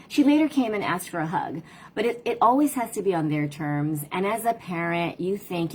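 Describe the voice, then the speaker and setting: A woman's voice: mid-range voice, sing-song, normal speed, a little hiss or hum. A middle-aged woman and parent coach, talking casually and reflectively in a livestream. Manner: reflective, conversational, tells stories about her daughters.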